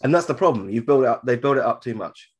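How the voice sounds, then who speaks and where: A man's voice: mid-range voice, lively intonation, fast, husky, muffled recording. Chatty man co-hosting a podcast. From southern England. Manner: chatty, jokey, repeats himself when restarting. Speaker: podcast co-host. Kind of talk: casual chat.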